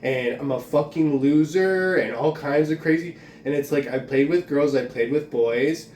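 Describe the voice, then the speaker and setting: A man's voice: a little high, normal speed, darkish tone, slight background noise. A man in a profane, agitated, rambling rant, filling his talk with "like". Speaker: vlogger. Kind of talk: ranting monologue. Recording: roomy, distant from mic, faint ambience.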